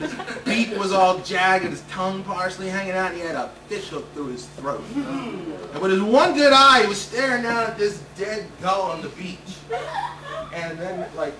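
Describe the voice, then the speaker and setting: Comedian guy on stage telling a wild story, fairly high voice, echoey room, mic a bit far. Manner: animated, building excitement. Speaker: stand-up comedian. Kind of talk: comic storytelling. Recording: roomy stage sound, distant mic, noisy.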